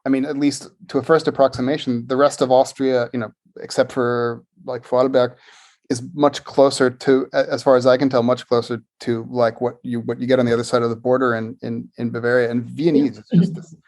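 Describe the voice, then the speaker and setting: Guest, American man, Philadelphia accent, thoughtful and halting, casual chat. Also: mid-range voice, level tone, a little mellow. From Philadelphia area, United States. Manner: thoughtful, halting, many fillers. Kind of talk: casual podcast conversation.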